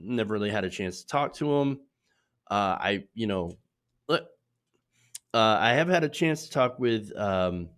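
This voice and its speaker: A man's voice: fairly low pitch, fairly bright tone, clear, resonant tone. A man with a cold, hosting a casual political commentary show, opinionated and full of fillers and restarts. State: sick with sniffles.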